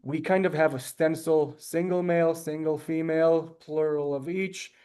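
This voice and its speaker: In his online Hebrew lecture over video call, a man speaks at normal speed in a slightly high, warm, steady voice. Chatty and polite, he apologizes often and uses ma'am.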